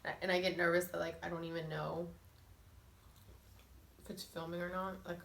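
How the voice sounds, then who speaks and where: A young woman chatters through a casual mukbang, filling every pause with "like" and nervous little asides. Her voice sits on the lower side for a woman. The room is echoey, with a faint hum of ambience behind her. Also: flat delivery, vocal fry, fairly bright tone. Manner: chatty, filler-heavy, nervous and giggly. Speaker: mukbang vlogger. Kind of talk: casual eating-show chat.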